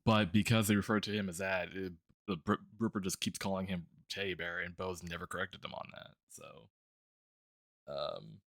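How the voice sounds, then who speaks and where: A man's voice: sits low, steady tone, normal speed, fairly bright tone, no room sound, clean studio sound. A man streaming while drawing, chatting casually about a tabletop game character, rambling with lots of fillers, restarts and laughs.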